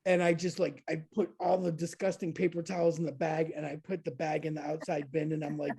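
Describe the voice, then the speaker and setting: A woman in her thirties telling a story in casual chat, lively and laughing, jumping into high voices to act out quotes. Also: brisk, creaky, hardly any pauses, breathy edge. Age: 30s.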